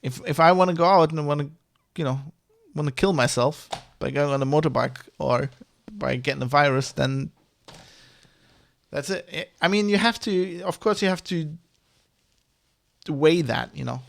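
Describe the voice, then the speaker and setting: A man's voice: on the high side, moderate pace, creaky. A man with a mother tongue, ranting in a casual vlog, rambling and heated, with many restarts and swearing. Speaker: vlogger. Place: Germany.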